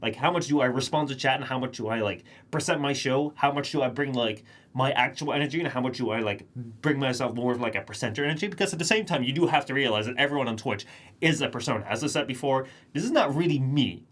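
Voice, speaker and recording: A young man talks straight to his live chat and thinks aloud as he goes, looping back to rephrase his points. He speaks quickly in an ordinary mid-range voice, in a loose, unscripted monologue. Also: medium pitch, a bit bright. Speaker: streamer.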